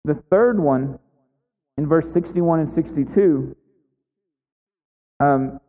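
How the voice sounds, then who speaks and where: A man's voice: on the high side, takes it slowly. A man preaching a conversational sermon as a pastor, full of casual fillers. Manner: conversational, many "like" and "right" fillers. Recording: echoey hall, tinny phone-like sound.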